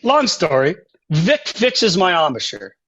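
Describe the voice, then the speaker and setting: Older guy guest on a podcast, kinda high voice, animated storyteller, dull lo-fi sound. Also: a little slow, a little hiss or hum. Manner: animated storyteller, acts out quotes and sings phrases. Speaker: composer and saxophonist guest. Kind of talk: conversational interview storytelling.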